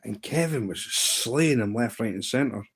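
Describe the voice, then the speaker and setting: A Scottish man in his thirties, chatting casually on a livestream and telling a rambling story, with sudden pitch jumps when he mimics other people. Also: expressive, normal speed, husky. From Scotland. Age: 30s. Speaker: live streamer.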